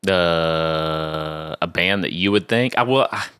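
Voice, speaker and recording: A man co-hosting a casual chat about bands, talking in an animated, chatty way with many fillers. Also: sits low, takes it slowly, smooth. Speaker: co-host.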